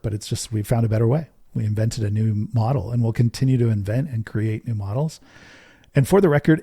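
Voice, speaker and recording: A middle-aged man hosts a podcast in an earnest, storytelling monologue. His voice is mellow and warm at a middle pitch, recorded close and dry. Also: dry recording. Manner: earnest, storytelling, fond of rhetorical "right?". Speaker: podcast host.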